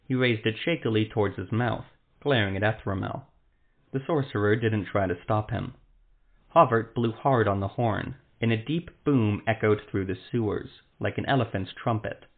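Male narrator, fantasy story reading, measured and dramatic, lowish voice, tinny phone-like sound.

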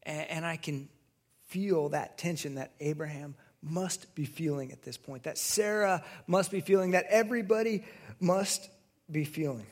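A man with a somewhat high voice preaches a sermon to his church. He speaks conversationally and tells stories, putting on other people's voices and building to loud moments. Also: normal speed. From California. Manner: conversational storytelling, acts out voices and grows loud in anecdotes. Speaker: pastor.

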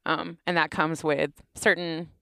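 A young adult woman, a researcher guest on a podcast, explaining her work in relaxed conversation and often laughing. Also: sits low, a little slow, gravelly, clean tone, no echo. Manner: explains at length, laughs often, quotes voices. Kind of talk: casual interview talk.

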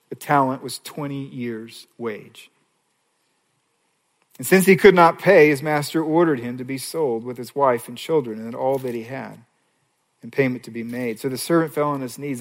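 A pastor preaching an earnest sermon, rising to loud, high passages and dropping to a soft near-whisper on key lines. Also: male voice. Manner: earnest preaching with dramatic swings in pitch and volume.

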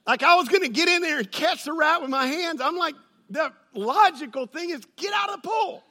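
A man preaching a sermon, telling a funny personal story and building to loud, excited peaks. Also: very high-pitched, a little fast. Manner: storytelling with humor, rises to shouting. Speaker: pastor.

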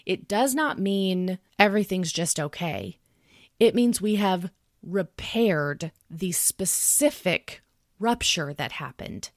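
A woman in her thirties talking in a podcast, explaining calmly and earnestly and acting out what she would say to her child. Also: fairly low pitch, slow pace, dry recording, clean studio sound. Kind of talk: conversational podcast talk.

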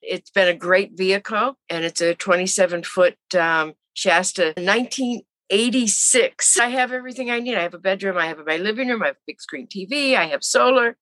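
A woman's voice: medium pitch, a little fast, hardly any pauses, no echo. A woman in her seventies, an interview guest telling her story casually and acting out the voices of people she quotes. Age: 70s. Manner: animated, acts out quoted voices.

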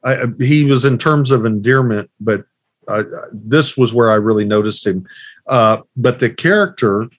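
A man's voice: mid-range voice, moderate pace, no echo. A man co-hosting a casual movie podcast, recounting things in an easygoing, storytelling way. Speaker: podcast co-host. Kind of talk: casual movie-discussion chat.

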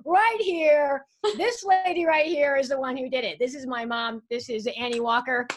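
A middle-aged woman hosts a casual podcast with an upbeat, loose delivery. Her voice sits a bit high and she fills gaps with ums and uhs. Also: steady tone, normal speed. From America. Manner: upbeat, uses fillers. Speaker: podcast host.

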